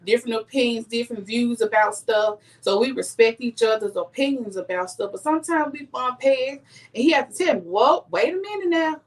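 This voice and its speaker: Speaking straight to her viewers in a casual live stream, a middle-aged woman offers earnest life advice. Her voice is a little high and a bit bright, and she sits a bit distant from the mic.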